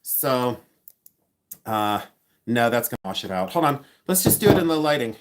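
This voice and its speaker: A talkative man hosting a live stream, excitable and loose, restarting sentences as he thinks aloud. His pitch sits right in the ordinary middle for a man. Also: moderate pace. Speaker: livestream host and reseller. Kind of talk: casual live-stream chat reading viewer comments.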